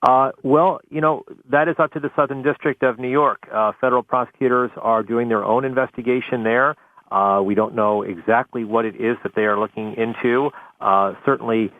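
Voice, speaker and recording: A male White House correspondent reporting live by phone to a talk radio host, measured and thorough, with many uhs. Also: on the low side, dry recording. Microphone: telephone. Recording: phone line.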